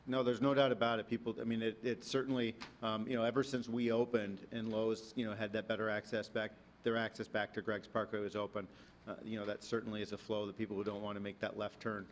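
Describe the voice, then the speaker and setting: Fast-talking flat-voiced business man. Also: lowish voice, a little hiss or hum. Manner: reassuring, many fillers. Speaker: business representative. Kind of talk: presenting at public meeting.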